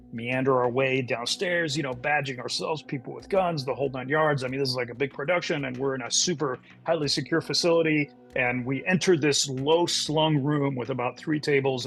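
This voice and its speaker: A man's voice: medium pitch, gravelly, fairly bright tone. A middle-aged man, a podcast guest, telling a story in conversation and acting out the voices of the people in it.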